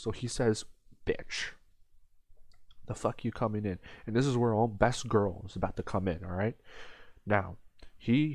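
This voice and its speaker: A man's voice: mid-range voice, a little mellow, dry recording. A young man giving a crude, sarcastic, rambling comedic commentary as an anime reviewer.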